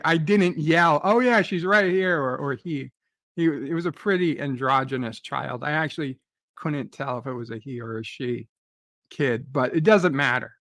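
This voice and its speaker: A man's voice: mid-range voice, a bit bright, no echo. A man hosting a live stream, retelling a dream in a profane, agitated rant full of stammering restarts.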